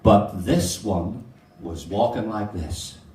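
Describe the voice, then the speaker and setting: A man's voice: fairly low pitch, lively intonation, slow, background noise. An older man doing live stand-up, telling cheery one-liner stories to a hotel audience. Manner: cheery storyteller, addresses the audience as ladies and gentlemen. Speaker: stand-up comedian. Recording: echoey hall from far off.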